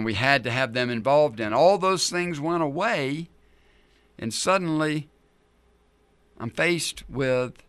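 A man's voice: medium pitch, fairly bright tone, dry recording. A middle-aged man, preaching a sermon in a conversational way full of rhetorical questions. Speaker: pastor.

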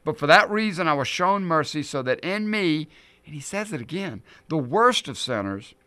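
Male pastor, lively and bright, emphatic sermon delivery, dry close sound. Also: a little high, normal speed, dry recording. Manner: emphatic, swings between loud stresses and quiet asides.

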